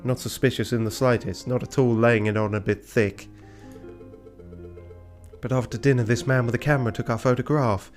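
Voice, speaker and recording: A man's voice: medium pitch, fairly even intonation, moderate pace, long pauses, faint music behind, close to an everyday voice. A man voicing a naive young female cat heiress with a prim, sing-song manner, his voice raised a little. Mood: sweet.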